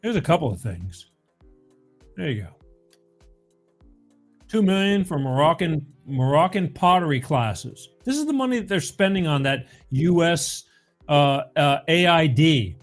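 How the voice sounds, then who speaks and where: A man hosting his own talk show, his voice sitting a little high. He rants emphatically, swearing and tripping over his words as he restarts sentences. Faint music plays behind him. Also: big pitch swings, measured pace, pauses often. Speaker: podcast host. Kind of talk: opinionated political talk.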